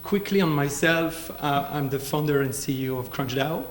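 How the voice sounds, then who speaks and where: Guest lecturer: hoarse middle-aged man, French accent, conversational and informal. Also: on the high side, normal speed, slight background noise. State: hoarse, voice partly lost. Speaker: guest speaker. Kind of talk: conference lecture.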